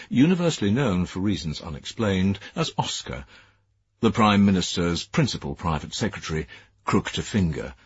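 A man narrating an audiobook in a measured, expressive storytelling manner. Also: low voice, husky, no echo. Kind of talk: scripted narration. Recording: dull, dry lo-fi studio audio.

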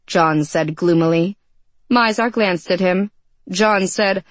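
A woman reading a fantasy novel aloud in measured, even storytelling. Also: on the low side, no room sound. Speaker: narrator. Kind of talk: scripted audiobook narration.

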